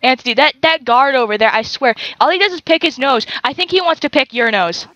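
A woman's voice: high-pitched, expressive, a little fast, lo-fi sound, background noise. A young woman commentating a video game, teasing characters and laughing often. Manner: giggly, teasing, breaks into laughter. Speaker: gaming YouTuber. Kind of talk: let's play commentary.

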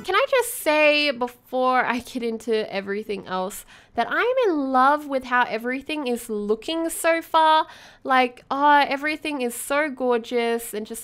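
Woman, high voice, unhurried, excitable and giggly, gameplay commentary, faint music underneath. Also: smooth. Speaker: let's play host.

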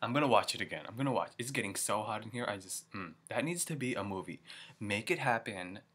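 A young man reacting excitedly to a music video, gushing and exclaiming as he goes. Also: on the low side, quick pace, breathy edge. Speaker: YouTube reaction vlogger.

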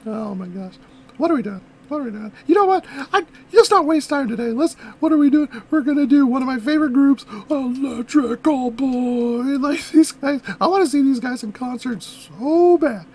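A music video reactor in casual commentary, rambling and excitable and talking straight to viewers, whose voice sounds a little off after a recent illness. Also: sits high, moderate pace, husky, rough recording. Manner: frequent self-corrections and asides.

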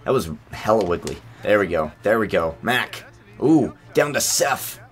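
A man giving excitable, sarcastic commentary over a basketball video game, yelping at big plays. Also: lowish voice, measured pace, faint music behind. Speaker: gaming channel host. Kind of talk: gameplay commentary.

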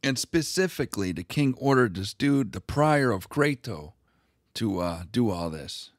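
A man's voice: medium pitch, very animated, measured pace, dry recording, studio quality. A man hosting a history video, retelling old documents in a casual, crude and irreverent way.

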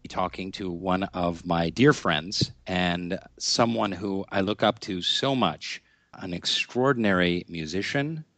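Effusive male podcast host, low voice. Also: a little slow, no echo. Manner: effusive, warmly complimentary. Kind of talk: casual interview chat. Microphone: video call interview.

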